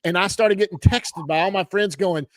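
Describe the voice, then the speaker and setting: A sports reporter guest with a high-pitched voice tells stories in an animated way, often chuckling as he goes. His voice is dry and close, with no room sound around it. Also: moderate pace, dry recording. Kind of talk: casual storytelling chat.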